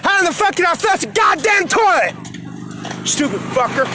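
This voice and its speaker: High-voiced guy cussing out his town on a phone stream, voice jumps all over, cars going by loud. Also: very animated, normal speed, noisy background. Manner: profane, yelling, repeating curses. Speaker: vlogger. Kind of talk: angry outdoor live-stream rant. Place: outdoors on a flooded street. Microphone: phone or tablet.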